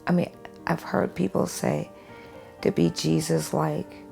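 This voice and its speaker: A woman's voice: lowish voice, steady tone, slow pace, gravelly, mellow, soft background music. A woman being interviewed at home for a documentary, telling a personal story in an earnest, heartfelt way. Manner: earnest, heartfelt storytelling, sing-song when quoting others.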